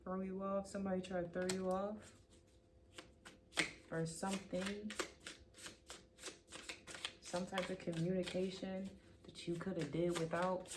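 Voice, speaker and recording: A woman's voice: lowish voice, little pitch movement, measured pace, long pauses, background noise. A woman giving a casual tarot card reading, chatty and playful, teasing her viewers and then insisting she is serious. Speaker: tarot reader.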